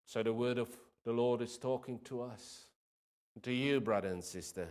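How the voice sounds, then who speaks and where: A man preaching a sermon earnestly, his voice swelling on key phrases and dropping low at their ends. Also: moderate pace, a little mellow.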